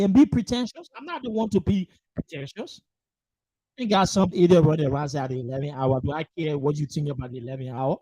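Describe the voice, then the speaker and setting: A furious political host speaking on a livestream, voice pitched in an ordinary middle range. The delivery is emphatic and profane, full of repeated rhetorical questions. The sound is close and dry, with no room around it. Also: warm tone, no echo, rough recording. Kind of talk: angry political monologue. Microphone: livestream microphone.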